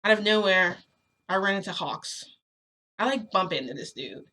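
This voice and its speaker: A woman's voice: medium pitch, expressive, moderate pace, bright, forceful tone. A woman telling a personal story in a casual, rambling way, full of fillers. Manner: rambling, lots of fillers like "like" and "you know". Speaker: storytelling vlogger.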